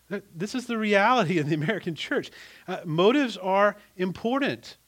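A middle-aged male pastor preaching a sermon, emphatic and animated, often restarting his sentences. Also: sits high, normal speed.

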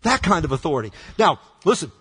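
A male pastor preaching a sermon with dramatic swings from hushed words to shouts. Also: fairly high pitch, sing-song, fast talker, slightly rough, long reverb tail.

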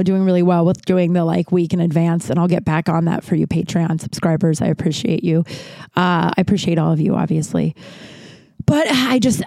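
A woman's voice: fairly low pitch, darkish tone, dry recording. Frustrated woman podcaster, dry closet sound. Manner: heated, frustrated, swears often. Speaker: podcast host. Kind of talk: solo podcast monologue. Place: her closet.

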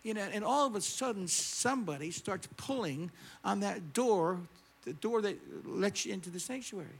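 A man preaching a sermon, telling a story and swinging between loud, animated preaching and quiet storytelling. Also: sits high, moderate pace, vocal fry, husky. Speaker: pastor. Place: church sanctuary.

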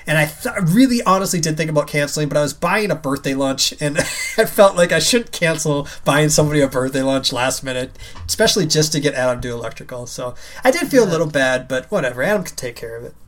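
A man in his thirties with a somewhat high voice tells stories among friends on a casual podcast. He is animated and laughs often, and he swears freely as he talks. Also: fast talker. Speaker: podcast co-host.

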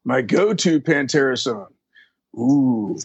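A man's voice: medium pitch, lively intonation, takes it slowly, creaky, slightly rough, no echo, dull audio. A man being interviewed, telling long, profane stories in a casual, rambling way full of fillers. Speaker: interview guest. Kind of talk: casual storytelling.

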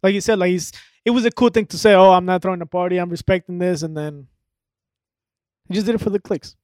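A young man on a casual podcast, relaxed and slangy with some teasing. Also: high voice, quick pace, dry recording, clean studio sound. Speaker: podcast co-host. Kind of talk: casual chat.

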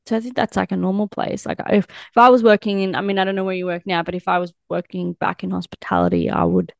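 Gravelly woman host. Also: medium pitch, quick pace, no echo. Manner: relaxed, filler-heavy questions. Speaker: podcast host. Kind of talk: casual interview chat.

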